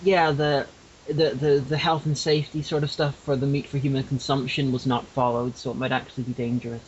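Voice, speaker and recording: A man from Northern Ireland co-hosting a podcast in casual chat, hesitant and halting as he talks. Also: mid-range voice, little pitch movement. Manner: hesitant, many fillers and restarts. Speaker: podcast co-host. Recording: lo-fi with faint hiss.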